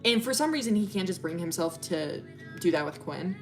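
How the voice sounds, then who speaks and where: A young woman chatting on a livestream in a fairly low voice. She rambles through a story, packing it with fillers and casual swearing. Music plays faintly in the background. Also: lively intonation, brisk. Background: faint music playing.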